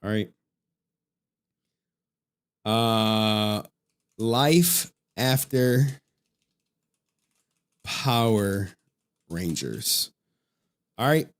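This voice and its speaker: A man's voice: lowish voice, extremely slow, pauses often. A man streaming, telling stories in casual, slangy, profane talk. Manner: animated, profane, slangy storytelling. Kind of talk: casual livestream chat.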